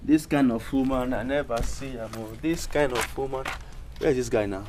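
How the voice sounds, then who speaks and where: An actor with a Nigerian accent playing a blunt friend who mocks and scolds loudly. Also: male voice, medium pitch, normal speed, noisy background, natural voice. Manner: mocking, loud. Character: teasing, blunt young man, the friend. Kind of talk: film drama.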